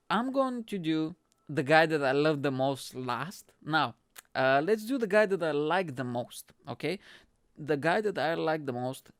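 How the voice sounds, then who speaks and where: A man hosting his own show, talking in a casual, rambling and animated way, swearing and laughing often. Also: fairly high pitch, smooth, no room sound, studio quality. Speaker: podcast host. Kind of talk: casual solo commentary.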